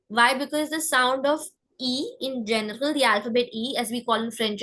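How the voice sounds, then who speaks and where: A woman teaching French pronunciation, saying example words slowly so learners can repeat after her. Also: high-pitched, fairly bright tone, poor audio. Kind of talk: pronunciation lesson.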